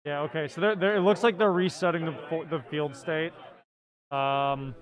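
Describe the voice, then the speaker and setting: A man's voice: on the high side, dull audio. A man casting a card game tournament live, chatty and often laughing. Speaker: tournament commentator.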